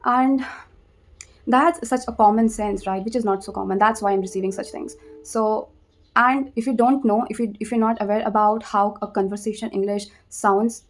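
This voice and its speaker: A young woman with an Indian accent, a native Hindi speaker, giving casual advice in a vlog. She talks conversationally, repeats her words, pauses to think and keeps tagging her sentences with "okay?". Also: mid-range voice, steady tone. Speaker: vlogger.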